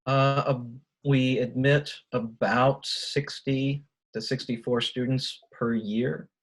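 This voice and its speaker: A male professor on a video call, answering panel questions in a measured, explanatory way. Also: mid-range voice, fairly even intonation, poor audio.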